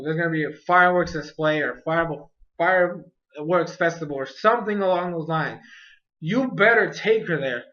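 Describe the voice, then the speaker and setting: A high-voiced young man talks through an anime episode in a casual review, rambling and excitable, stacking fillers and restarts as he goes. The sound is dull and lo-fi, like a cheap home mic.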